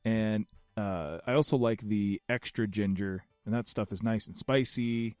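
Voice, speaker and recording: A man's voice: lowish voice, a little slow, darkish tone, clean tone, no echo, soft background music. Give me an enthusiastic man rambling on a podcast, close and dry. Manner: rambling, self-interrupting, enthusiastic. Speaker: podcast co-host. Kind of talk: casual chat.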